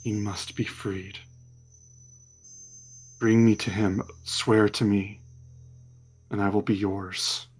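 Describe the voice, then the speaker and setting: A man voicing an ancient sentient sword that speaks in a cold, hushed, commanding whisper. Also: fairly low pitch, level tone, slow, pauses often, breathy edge, faint music behind, pitched below the performer's own voice.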